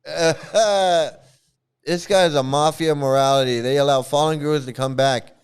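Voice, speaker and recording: A man's voice: on the high side, steady tone, a little slow, clear, resonant tone. A man hosting a casual reaction livestream, mocking and profane, laughing often as he talks. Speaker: online streamer criticizing a cult.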